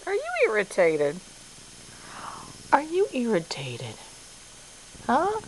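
A woman's voice: a little high, huge pitch swings, slow pace, pauses often. A woman at home coaxing her dog in sing-song baby talk, over faint background noise. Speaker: dog owner. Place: home indoors.

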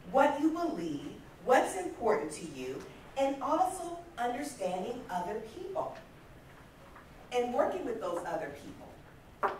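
A woman's voice: on the high side, recorded from a distance, slight background noise. Woman in her fifties in an echoey hall. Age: 50s. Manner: lively storyteller acting out quoted voices. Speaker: conference speaker. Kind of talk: motivational talk. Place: large conference hall.

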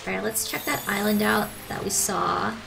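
A woman's voice: mid-range voice, moderate pace, vocal fry, over music, rough recording. A woman streaming a video game live, chatting with viewers in a bubbly, gushing way, giggling and thanking them. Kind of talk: live gaming stream commentary.

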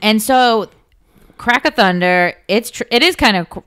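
A woman's voice: on the high side, animated, moderate pace, fairly bright tone, clean tone. A woman co-hosting a podcast, chatting casually as she recaps a reality show and acts out quotes in mock voices. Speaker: podcast co-host.

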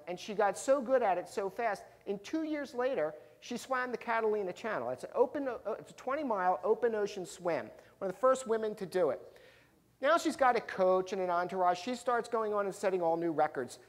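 A man giving a storytelling history talk to a live audience, animated, acting out the people in his stories. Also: high voice, fairly quick. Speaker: professional speaker, local historian. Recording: long reverb of a large hall.

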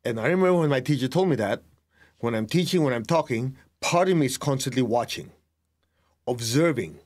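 A middle-aged man giving a spiritual lesson as a meditation teacher, talking deliberately and telling students to write points down. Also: mid-range voice, lively intonation. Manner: slow, deliberate, tells students to write things down; laughs at himself, acts out remembered exchanges.

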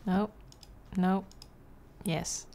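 A woman's voice: medium pitch, fairly even intonation, drawn-out words, mellow, a little hiss or hum. A young woman streamer casually commenting on a video game, swearing and reading text aloud. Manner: chatty, swears, reads on-screen text aloud. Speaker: gaming streamer. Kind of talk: casual let's-play commentary.

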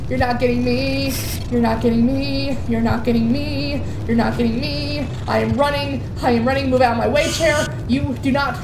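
A woman's voice: high voice, fairly even intonation, normal speed. A young woman giving jittery, rambling commentary on a horror game and repeating words in nervous bursts. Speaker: gaming YouTuber. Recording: echoey room with faint noise.

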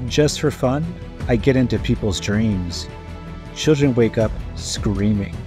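A man voicing a huge, ugly male monster freed from a bottle in a read-aloud storybook, with a booming, gloating manner. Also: slow, over music, natural voice. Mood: gloating menace.

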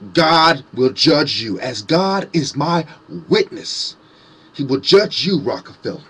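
A man ranting angrily to camera with heavy swearing and mocking sarcasm, his voice swinging between loud outbursts and low muttering. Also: slightly rough. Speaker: conspiracy vlogger. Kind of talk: angry profane rant to camera.

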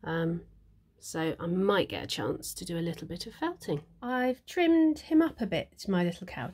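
A woman's voice: lowish voice, darkish tone, husky. Chatty woman showing her crafts. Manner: chatty and chirpy, lots of ums, thinks aloud about her work. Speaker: needle felting vlogger. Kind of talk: casual studio vlog.

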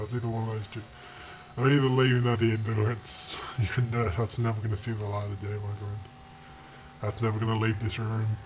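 Dude yelling and cursing over a racing game, sarcastic, loud bursts now and then. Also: male voice, on the low side, slight background noise. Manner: crude, sarcastic trash talk at other drivers; sudden loud outbursts and shouting. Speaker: gaming channel host. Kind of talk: profane gameplay commentary. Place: room at home. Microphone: desk mic.

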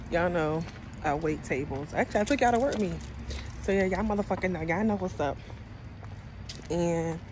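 Young woman vlogger, blunt and foul-mouthed, chatty, on a phone mic with loud traffic noise. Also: lowish voice, rough recording. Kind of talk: casual vlog chat. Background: passing cars.

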